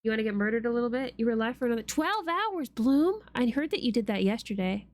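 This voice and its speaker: A woman's voice: a little high, lively intonation, fast talker, a little mellow, no echo. A woman streamer chatting playfully with her viewers while she draws, swearing casually.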